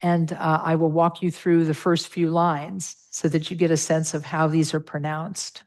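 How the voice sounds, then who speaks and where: A middle-aged woman leads a Buddhist meditation class, patiently working through pronunciation with plenty of fillers. Her voice is low and a little mellow, with a level tone and moderate pace.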